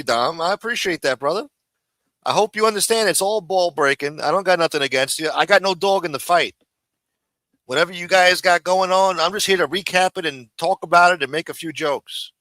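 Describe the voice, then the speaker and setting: A streetwise man hosts a live recap stream, cursing freely and breaking balls in an easy, casual way. His voice sits a bit high for a man. The sound is close and dry, with no room around it. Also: pushed and bright, no room sound. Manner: streetwise, profane, ribbing. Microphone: studio mic for a radio-style show.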